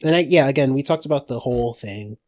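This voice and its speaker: A man co-hosting a podcast, chatting in an excitable, rambling way and laughing often. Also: medium pitch, quick pace, no echo, lo-fi sound. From United States. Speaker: podcast co-host. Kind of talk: casual chat.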